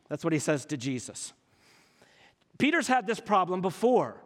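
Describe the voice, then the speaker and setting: High-voiced preacher with hall reverb. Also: male voice, sing-song, moderate pace. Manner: emphatic, rhetorical questions to the congregation. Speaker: pastor. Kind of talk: sermon. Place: church hall.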